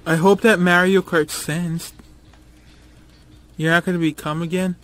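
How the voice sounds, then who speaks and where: A young man co-hosting a casual gameplay video, joking, swearing and breaking into loud shouts when excited. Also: high-pitched, unhurried, slight background noise. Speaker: gaming video co-host.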